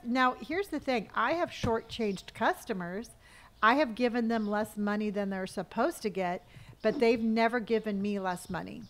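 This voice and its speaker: A woman's voice: on the high side, a bit bright. A middle-aged woman from California, streaming a game live, chatting casually, reading viewer comments aloud and muttering to herself as she plays. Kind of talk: casual live-stream chat while gaming.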